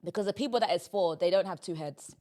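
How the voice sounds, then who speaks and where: Emphatic, teasing woman hosting a podcast. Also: quick pace. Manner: emphatic, teasing, swings between loud bursts and low asides. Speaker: podcast host. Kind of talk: casual comedic chat.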